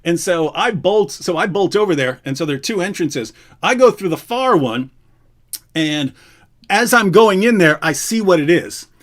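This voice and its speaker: A man's voice: high voice, lively intonation, moderate pace. A middle-aged man hosting a live stream, telling prison stories casually, acting out quotes and laughing often. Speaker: host. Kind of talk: casual storytelling on a livestream.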